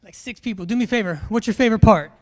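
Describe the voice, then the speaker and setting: A man's voice: high-pitched, very fast. A man, a military instructor giving a live classroom briefing in a large hall, joking and quizzing his audience.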